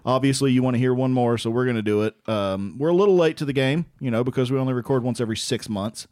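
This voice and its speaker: A man's voice: medium pitch, fast, a little mellow, no room sound, clean studio sound. A man co-hosting a comedy podcast, talking in casual profane banter, teasing and sarcastic. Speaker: podcast co-host.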